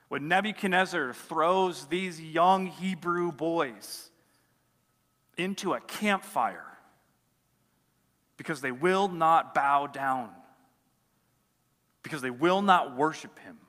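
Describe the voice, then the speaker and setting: A pastor preaching a sermon in a casual, conversational way, full of "like" fillers, swinging between loud emphasis and quiet asides. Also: male voice, sits high, long reverb tail.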